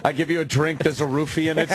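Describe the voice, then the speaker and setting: A man's voice: a little high, background noise. A man co-hosting a talk radio show, trading sardonic, mocking asides and laughing through crude banter. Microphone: studio broadcast mic.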